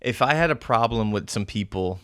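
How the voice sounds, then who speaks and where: A man's voice: on the low side, expressive, normal speed, a bit bright, smooth, no echo, studio quality. A young man hosting a casual podcast chat, talking frankly and swearing often as he argues his points. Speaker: podcast host.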